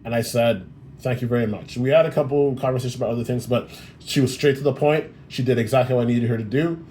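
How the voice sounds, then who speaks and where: A man's voice: medium pitch, fast, warm tone, a little hiss or hum. A man telling a frustrating customer-service story on his vlog in a blunt, exasperated way, swearing freely. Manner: blunt and profane, exasperated retelling. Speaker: vlogger. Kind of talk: casual storytelling rant.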